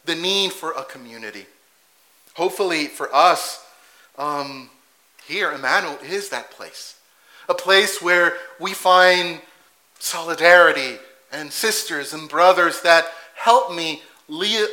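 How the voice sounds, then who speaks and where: A man delivers a sermon in a church. His voice is high and very bright, and he swings widely in pitch as he asks questions and acts out the quotes. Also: rough recording. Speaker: preacher.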